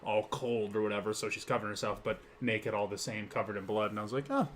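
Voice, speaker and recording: A young man co-hosting a casual talk show, rambling and swearing as he pitches ideas. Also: fairly even intonation, slight background noise. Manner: rambling, profane, quick-talking. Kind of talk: casual chat.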